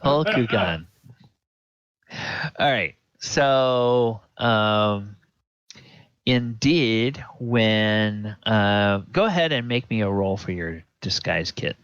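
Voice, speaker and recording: A man narrating a tabletop game as dungeon master, hesitant with many pauses. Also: lowish voice, lively intonation, a bit bright, clear, resonant tone, dry recording, highs cut off. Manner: hesitant, full of fillers and restarts.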